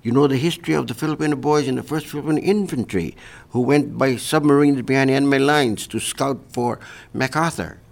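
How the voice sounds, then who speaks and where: A man's voice: medium pitch, a little fast, gravelly. Older man from Hawaii telling stories. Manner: reflective storytelling, tags sentences with "see". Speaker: interviewee. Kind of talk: oral history interview.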